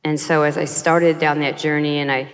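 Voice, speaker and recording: A woman's voice: deep voice, little pitch movement, normal speed, big-room sound. A woman sharing her personal testimony as a guest, telling an earnest story and acting out quoted voices.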